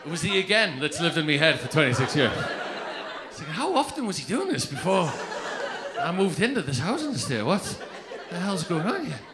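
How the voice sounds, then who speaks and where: A man's voice: a little high, very animated, brisk, crowd noise, noisy background. A man, telling a crude story in brash stand-up style on a comedy club stage. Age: 30s.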